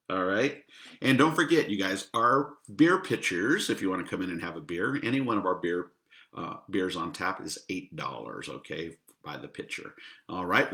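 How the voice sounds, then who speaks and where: A middle-aged man chats casually about his restaurant's dishes, laughing at his own puns. His voice sits a little low but sounds bright and forceful. The room around him is echoey. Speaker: restaurant owner promoting the menu. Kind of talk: casual chat.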